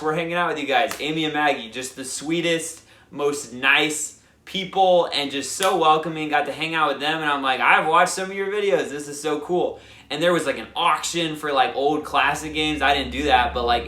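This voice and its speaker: A young man hosting a board game channel, telling a lively casual recap full of fillers and acted-out quotes. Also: on the high side. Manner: animated, lots of fillers, acts out quotes. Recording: echoey room.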